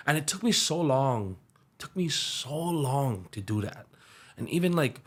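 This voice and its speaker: A young man with a light lilt telling his story earnestly on a podcast, his voice dropping to a hush when it gets emotional. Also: medium pitch, lively intonation, a little slow. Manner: earnest, slips into soft hushed tones when emotional. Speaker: musician and aspiring pastor.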